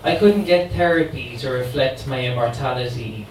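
A man's voice: mid-range voice, moderate pace, close to an everyday voice. A man reading a poem in the voice of a sassy, weary, immortal female voodoo queen, with a wry monologue delivery. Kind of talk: dramatic poetry reading. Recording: roomy, distant mic, faint ambient noise.

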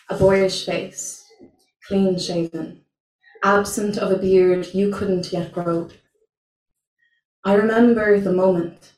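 A young woman performing a spoken word poem at an open mic, slow, deliberate and intense. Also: medium pitch, a little mellow. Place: small venue, indoors. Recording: roomy, from far off.

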